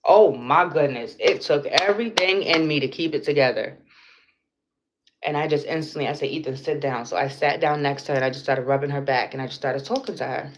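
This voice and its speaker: Low-voiced woman telling a story, blunt and profane. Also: a little fast. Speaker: vlogger. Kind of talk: casual storytelling livestream. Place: indoors at home. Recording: slightly dull lo-fi sound with faint noise.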